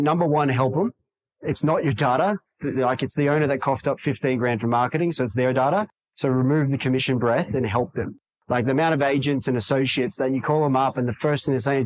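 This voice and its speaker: A man's voice: a little high, low-quality recording. A man in a podcast interview, talking energetically and acting out quoted dialogue in other voices. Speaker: real estate agent guest.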